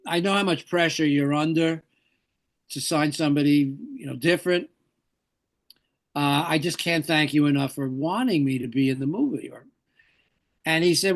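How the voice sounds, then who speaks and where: An older man settles into an interview anecdote, his voice gravelly and sitting a touch high. He wanders and corrects himself as he goes, quoting the people in his story. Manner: rambling anecdotes with self-corrections. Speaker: actor, interview guest.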